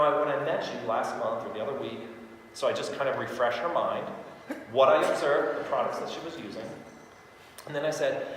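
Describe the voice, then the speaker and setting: An upbeat man runs a sales training in a big, echoing hall, and his voice sits a little higher than most men's. He keeps breaking into little acted phone calls, playing both himself and the customer. A faint hiss runs under the long reverb. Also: fairly bright tone. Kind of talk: sales training talk with role-played calls. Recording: echoey hall with faint noise.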